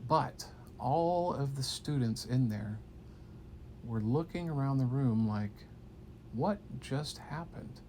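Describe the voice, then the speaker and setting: Gravelly man telling a playful story. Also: mid-range voice, takes it slowly, slight background noise. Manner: animated, playful, drops to hushed tones. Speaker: storyteller to a child. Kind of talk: improvised bedtime story.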